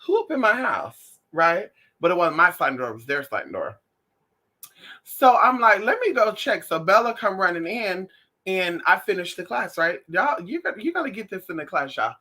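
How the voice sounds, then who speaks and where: A woman talking casually to her viewers in a lively, sassy way, often calling them honey and y'all. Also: lowish voice, normal speed. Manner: animated, sassy, calls listeners honey and y'all. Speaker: spiritual class teacher, vlogger.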